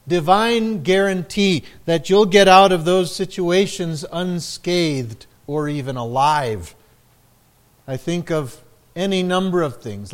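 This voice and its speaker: A man preaching a sermon in a slow, measured way, raising his voice for quoted lines. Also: fairly high pitch. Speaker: pastor.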